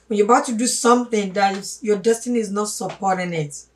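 A woman giving a spoken sermon, emphatic, swinging from loud stresses to hushed asides and calling listeners her brothers and sisters. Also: mid-range voice, lively intonation, a little fast. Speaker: religious teacher. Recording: voice a little distant from the mic.

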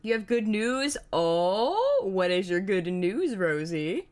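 A woman's voice: mid-range voice, sing-song, takes it slowly, few pauses, a little mellow. A young woman streaming a puzzle game, chatting casually with lots of swearing, giggles and playful sound-effect exclamations. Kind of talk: casual live gameplay commentary.

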